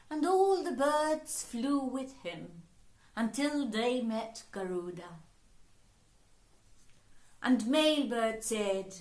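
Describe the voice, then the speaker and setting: Woman narrator for a children's story, high-pitched and unhurried, in a roomy space. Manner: slow, expressive, voicing characters. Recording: roomy echo.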